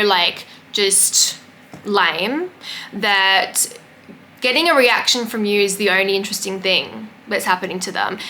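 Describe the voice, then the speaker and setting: A young woman hosts a casual podcast monologue, her voice bright and forceful at a middle pitch. She talks in a sassy, emphatic, chatty way, leaning on fillers, with a faint hiss of noise behind her. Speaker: podcast host.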